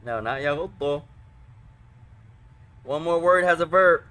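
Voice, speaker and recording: A man leads an online class in a bright, slightly high voice. He takes his time, pausing often between words while he guides and corrects students. He speaks through a computer microphone. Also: clear, resonant tone. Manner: slow, patient teaching with frequent pauses and corrections. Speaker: teacher. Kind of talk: online Arabic and hadith class.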